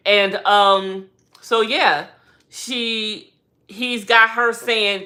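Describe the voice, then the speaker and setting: Woman, casual vlog commentary, bright voice, animated, slangy, rhetorical. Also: mid-range voice, very slow. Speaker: trial recap vlogger.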